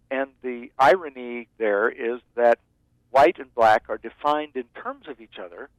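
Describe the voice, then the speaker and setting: Guest guy phoning in, calm and explaining, middle pitch, dry sound. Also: dry recording, rough recording. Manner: measured, explanatory. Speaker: guest expert. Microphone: calling in from outside.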